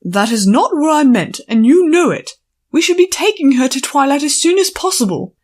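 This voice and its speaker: A woman's voice: sits high, animated, normal speed, darkish tone, voice pushed up. A woman voicing a prim, irritable scholarly unicorn pony who scolds her friend in an audiobook. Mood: exasperated. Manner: clipped, exasperated, scolding. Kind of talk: audiobook character voice.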